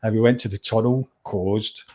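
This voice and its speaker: Scottish man telling a lively story. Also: fairly low pitch, normal speed. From Scotland. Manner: animated anecdote-telling, acts out quoted voices, frequent restarts. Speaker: guest musician and DJ. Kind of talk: conversational storytelling.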